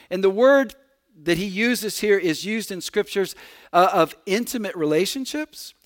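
A man preaching a sermon in a fairly high voice for a man. He speaks earnestly and personally as the pastor of a congregation, sometimes doubling a word as he restarts. He sounds middle-aged. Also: fairly bright tone. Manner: earnest, repeats words when restarting.

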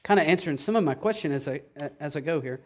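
Man preaching, high voice, fiery, drops to a hush then builds back up. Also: animated, fast talker. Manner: impassioned, swings from hushed to loud. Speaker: pastor. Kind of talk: sermon.

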